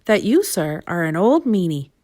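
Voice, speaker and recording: A woman's voice: on the low side, sing-song, normal speed, a little mellow, dry recording, studio quality. A woman voicing a wordy, rambling old male wizard who talks in fussy, roundabout phrases.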